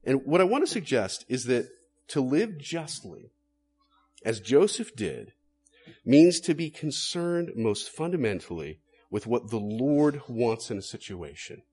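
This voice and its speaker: Lively-voiced male preacher. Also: mid-range voice, measured pace, husky, faint music behind. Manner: earnest, rhetorical questions, emphatic stresses. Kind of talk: sermon.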